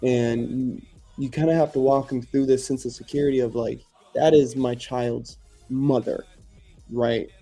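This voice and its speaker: A man hosting a casual conversation, reflecting in a measured way. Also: medium pitch, dark tone, husky. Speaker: podcast host.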